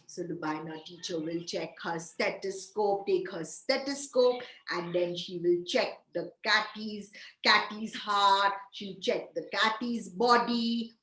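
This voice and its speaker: A woman preschool teacher telling a story to young children, animated, sing-song and coaxing. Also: mid-range voice, slow pace, echoey room, rough recording.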